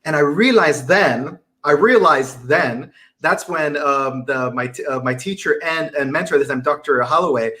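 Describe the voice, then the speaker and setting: A man's voice: a little high, moderate pace, few pauses, sharp tone. A young man chatting as a guest in an interview, talking eagerly and rambling a little, laughing easily. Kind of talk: casual interview chat.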